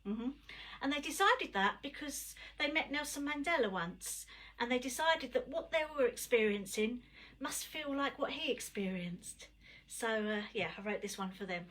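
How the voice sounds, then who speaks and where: A woman's voice: fairly high pitch, lively intonation, normal speed, fairly bright tone. A middle-aged woman, chatting between poems and reciting punchy rhyming verse on a live stream. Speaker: performance poet. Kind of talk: live-streamed poetry performance. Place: home, livestream.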